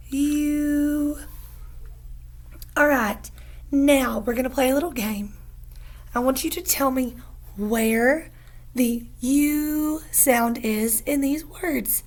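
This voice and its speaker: A woman teaching a phonics lesson to young learners, patient and encouraging, stretching out each sound slowly. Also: high-pitched.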